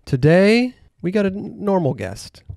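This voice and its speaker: A man's voice: sits high, sing-song, measured pace, vocal fry, a little mellow, no room sound, clean studio sound. A man hosting a casual podcast, joking and teasing his guest and laughing often. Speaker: podcast host.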